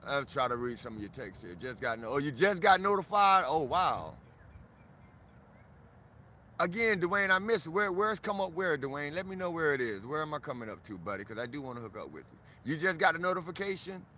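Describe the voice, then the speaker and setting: A man from South Florida chatting casually on a live stream outdoors in a park, animated and greeting viewers by name. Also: on the high side, fairly quick.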